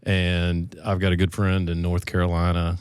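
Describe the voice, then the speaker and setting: Deep-voiced man telling stories, dry close sound. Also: normal speed, smooth, dry recording. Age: middle-aged. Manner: relaxed storyteller, folksy and self-deprecating. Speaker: podcast co-host. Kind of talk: casual chat.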